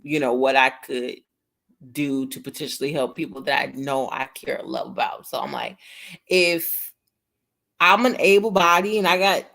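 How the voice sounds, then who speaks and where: This livestream host speaks at normal speed in a low-pitched, creaky voice with a fairly bright tone. Blunt and freely cussing, the young woman chats casually, calling her viewers "y'all."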